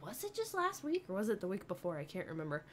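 A woman's voice: medium pitch, huge pitch swings, fast, slight background noise. A young woman streaming a game, rambling, giggling often and answering her chat. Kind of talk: casual live-stream chat while gaming.

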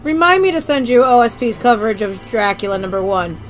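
A woman streaming a video game, chatting excitedly, joking and swearing as she plays. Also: fairly high pitch, a little fast, soft background music. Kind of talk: casual let's-play commentary.

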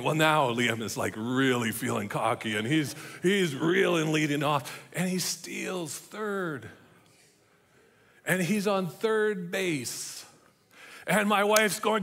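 Middle-aged pastor, bright forceful voice. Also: male voice, sits high, expressive, unhurried, creaky. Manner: storytelling, drops to a soft hushed voice for emphasis. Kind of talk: sermon. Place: church.

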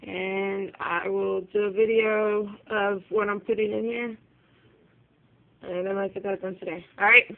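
A woman casually showing off her handmade crafts on a home video, chatty and rambling, with quick apologetic asides. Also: mid-range voice, flat delivery, gravelly. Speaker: craft vlogger. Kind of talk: casual craft show-and-tell. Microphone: phone camera. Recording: tinny phone-quality recording.

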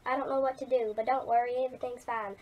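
A grieving young male chief pours his heart out to his late father in soft, earnest words, as a woman reads her old fanfiction aloud. The voice sits a little high and stays gentle and close to her own. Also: steady tone, fast talker, lightly acted. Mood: sorrowful.

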